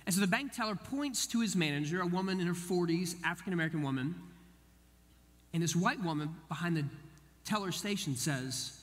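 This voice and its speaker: A man with a fairly high voice preaches a sermon, telling a story in an animated way and acting out each person he quotes. His voice carries a long reverb, as if it is filling a church hall. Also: a little fast. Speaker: pastor.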